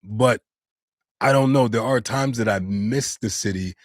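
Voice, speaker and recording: Speaking at an unhurried pace, this American voice actor banters with his live-stream viewers from a home studio, replying to their comments in relaxed slang. The recording is dry and studio quality, his voice sitting at medium pitch.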